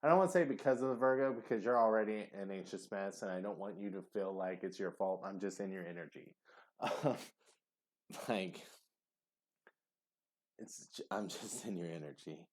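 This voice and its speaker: A man's voice: deep voice, moderate pace, long pauses. A man giving a casual tarot reading to camera, rambling and hesitant, with many fillers. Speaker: tarot reader.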